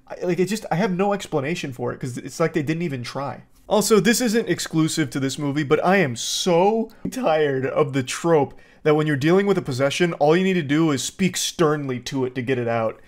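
A man's voice: on the high side, lively intonation, brisk. A man hosting a movie review, talking sarcastically and rambling with many fillers. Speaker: host.

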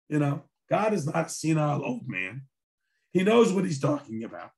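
A man who is a rabbi gives a conversational lecture, telling a story with dry humor in a hoarse voice. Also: fairly high pitch, big pitch swings, normal speed. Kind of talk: sermon-style lecture with storytelling.

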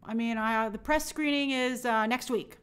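Young woman w a high voice doing a casual live stream, upbeat, chats to viewers. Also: moderate pace, clear, resonant tone. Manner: upbeat and chatty, warmly answers viewers. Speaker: movie show host on a live stream.

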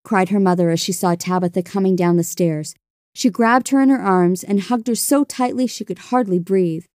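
A woman narrating a children's storybook in a gentle, expressive way. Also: medium pitch, normal speed, no echo, clean studio sound.

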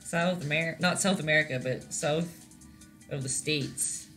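Bright-voiced giggly Canadian painting teacher. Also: female voice, low-pitched, a little slow, soft background music. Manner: chatty, giggly, rambling with many fillers. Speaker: painting instructor. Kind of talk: casual live-stream painting lesson.

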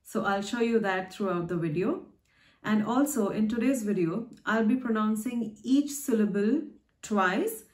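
Speaking a bit slowly in a mid-range, slightly mellow voice, a woman teaches letter pronunciation on the channel she hosts. Her careful, patient lesson leans on everyday examples, and the room sounds echoey.

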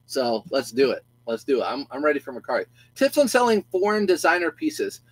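A man's voice: mid-range voice, animated, brisk, no echo, rough recording. A middle-aged man, a reseller chatting casually on a live stream, goofy and talkative, greeting viewers by name and stumbling over his own restarts.

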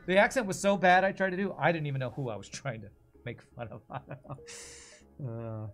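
A man's voice: on the high side, a little fast. A man casually commenting on his own gameplay on a live stream, thinking aloud and answering viewers. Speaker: game streamer.

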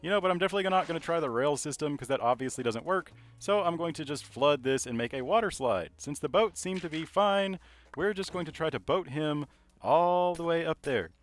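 A man giving casual commentary over his gameplay, rambling and self-mocking, filling pauses with "you know". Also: a little high, animated. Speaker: gaming video creator.

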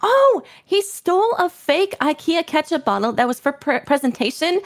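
Bubbly high-voiced young woman streamer. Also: very animated, moderate pace. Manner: bubbly, giggly, chatty with filler words. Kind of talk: casual stream chat.

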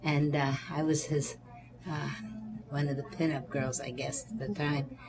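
Woman, 80s, oral-history interviewee. Slow and chatty, playful sing-song delivery. Echoey room. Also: sits low, flat delivery, a crowd in the background. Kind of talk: oral history interview with a recited comic poem. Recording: roomy echo, faint background noise.

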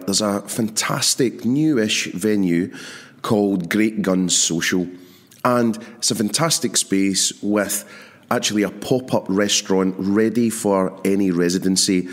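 Chatty male podcast host, low voice. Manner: chatty, enthusiastic, lots of fillers. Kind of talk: casual podcast interview.

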